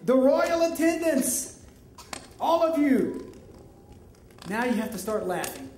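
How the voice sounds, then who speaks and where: A woman's voice: high-pitched, takes it slowly. A woman teaching in a church children's ministry, directing children through a Bible story skit and acting out lines for them. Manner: animated, coaching, acts out the lines for the children. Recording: echoey room, mic far off, noisy.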